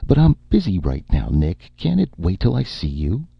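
A man voicing a brisk, insistent woman agent. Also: low-pitched, wildly swooping pitch, creaky, breathy edge, dry recording, voice pushed up, full character voice. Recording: dull lo-fi, dry.

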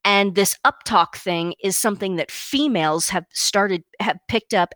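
A woman co-hosting a podcast, talking in firm, emphatic statements that drop in pitch at the end. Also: no echo. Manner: emphatic, declarative, downward-inflected statements. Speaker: podcast co-host. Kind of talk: opinionated podcast commentary.

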